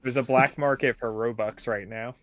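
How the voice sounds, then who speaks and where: A man's voice: medium pitch, steady tone, normal speed, a bit bright, no room sound. A man co-hosting a podcast, chatting casually with joking asides. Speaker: podcast co-host.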